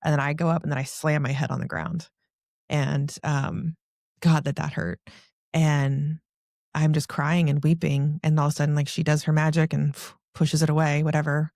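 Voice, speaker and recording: Woman guest, gravelly voice, dry close sound; emotional personal story full of "like"s. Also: sits low, little pitch movement, normal speed, darkish tone, no echo. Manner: breathless, frequent "like" fillers. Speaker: podcast guest.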